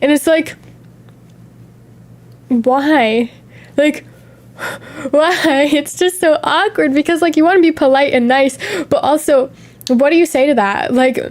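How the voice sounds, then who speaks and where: A young woman streamer in casual chat, telling stories in a chatty, animated way with gasps and laughs. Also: high voice, slow, long pauses. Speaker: VTuber streamer.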